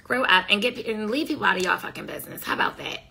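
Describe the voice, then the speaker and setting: A woman's voice: medium pitch, quick pace, vocal fry, bright, forceful tone, breathy edge. A woman doing a casual tarot reading, talking bluntly in profane slang and scolding her listeners. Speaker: tarot reader.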